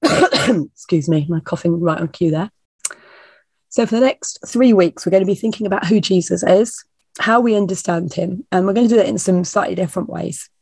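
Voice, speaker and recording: A woman minister, hoarse and croaky from a summer cold, chatting informally as she opens a service. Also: on the low side, a little mellow, no echo. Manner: chatty and reassuring, with ums. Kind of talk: informal sermon introduction.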